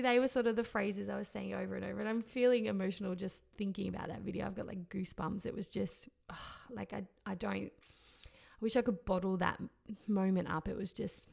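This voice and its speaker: A woman's voice: mid-range voice, normal speed, gravelly. A woman hosting a podcast, telling a personal story in an emotional, reflective way and often searching for words. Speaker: podcast host.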